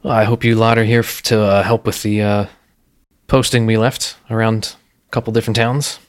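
A gray-bearded dwarf barkeep, played by a man in a tabletop game, speaking plainly and friendly in a lowish voice. He has no accent and keeps an easygoing manner. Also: level tone, normal speed, smooth, natural voice.

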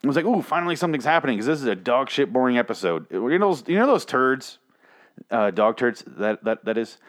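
A man reviewing a TV episode in a fast, profane, exasperated rant that rambles from point to point. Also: mid-range voice, very animated. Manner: speaks quickly.

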